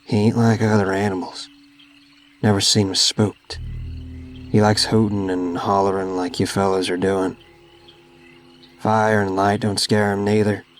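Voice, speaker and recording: A gap-toothed old hillbilly man with a Southern US accent, folksy and slow to rile, as a male narrator puts him on. He talks low and level, dropping grim warnings in a horror story reading, with faint crickets chirping behind. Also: level tone, slight background noise, close to an everyday voice. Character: grinning old southern hillbilly man, missing teeth, ominous.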